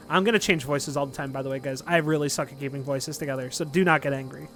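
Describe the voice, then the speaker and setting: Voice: mid-range voice, fairly even intonation, fast, hardly any pauses, fairly bright tone, soft background music. A game master narrating a tabletop game, who laughs often and stumbles over words.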